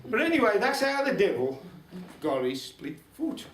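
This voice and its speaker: An older man with a Black Country accent tells a humorous folk tale to a live folk club audience, chatty and full of wry asides. His voice is high and sing-song at normal speed, picked up from a distance in a roomy club hall with slight background noise.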